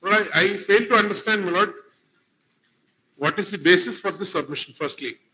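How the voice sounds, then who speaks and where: A man's voice: sits high, normal speed, bright, forceful tone. A man with an Indian accent arguing a case before judges, formal, addressing the bench as "my lord" throughout. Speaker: advocate arguing before a court. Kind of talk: courtroom legal argument. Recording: lo-fi courtroom livestream audio.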